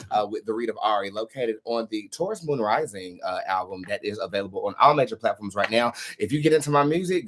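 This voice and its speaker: A man's voice: fairly low pitch, a bit bright. A man hosting a tarot live stream, chatting casually and telling stories to his viewers with frequent ums and uhs. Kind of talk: casual chat to a live audience.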